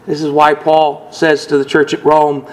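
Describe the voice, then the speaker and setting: A man with a somewhat high voice preaches a sermon to his congregation. He speaks earnestly and measured, and he gives the scripture quotations a dramatic lift. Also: monotone, poor audio. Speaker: pastor.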